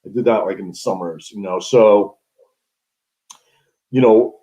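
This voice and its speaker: A man, a guest telling his story in a relaxed, rambling way in a casual interview. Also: lowish voice, a little slow. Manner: relaxed, rambling, many restarts. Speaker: guest, sports business founder. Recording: dull lo-fi call audio.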